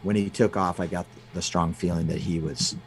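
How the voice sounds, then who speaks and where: Speaking in a low register with fairly even intonation, this male interview guest shares personal stories conversationally. His delivery is halting and full of restarts and fillers, and a little hiss or hum sits under the recording.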